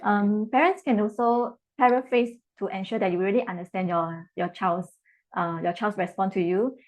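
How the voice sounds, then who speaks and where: A woman's voice: medium pitch, darkish tone. A woman educator giving parenting advice on a webinar over a video call, explaining steadily with frequent ums. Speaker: educator and guest speaker.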